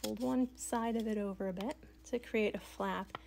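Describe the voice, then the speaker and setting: Soft-spoken woman teaching an art project. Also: medium pitch, steady tone, gravelly, a little hiss or hum. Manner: soft, slow storytelling with whispered asides. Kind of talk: art tutorial narration. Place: home studio at a table.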